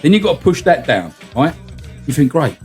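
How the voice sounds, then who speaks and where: A man's voice: on the high side, very animated, moderate pace, darkish tone, soft background music. A man hosts a podcast, telling a long anecdote in casual chat, swearing freely and laughing as he goes. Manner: chatty, swears freely, laughs through his stories. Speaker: podcast host.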